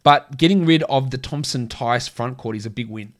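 A man hosting a casual sports podcast with a crackly voice, chatty and opinionated, rattling off stats in quick lists. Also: mid-range voice. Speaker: podcast host.

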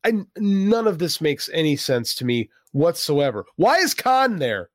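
A man's voice: fairly high pitch, very animated, a little slow, no echo, studio quality. A man co-hosting a casual wrestling podcast, exasperated and sarcastic, swearing freely. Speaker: podcast co-host.

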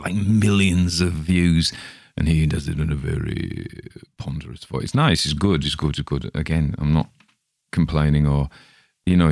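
A man's voice: very deep voice, a little mellow, dry recording, studio quality. A middle-aged man, talking through his week in a chatty, self-deprecating monologue full of restarts. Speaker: podcast host. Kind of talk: casual rambling monologue.

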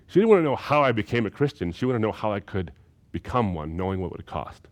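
Low-voiced man giving an emphatic lecture. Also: big pitch swings, fast talker. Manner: emphatic, repeats key phrases for effect. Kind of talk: recorded seminary lecture.

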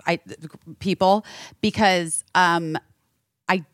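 A woman co-hosting a podcast, telling stories in a chatty, animated way. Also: on the low side, slow, no room sound, studio quality. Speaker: podcast co-host. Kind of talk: casual chat.

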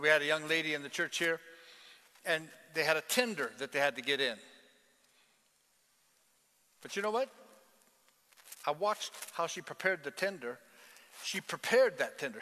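Male pastor, lively sermon style with call and response, ringing bright voice, long church reverb. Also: a little high. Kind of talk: sermon with a told joke. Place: large church hall.

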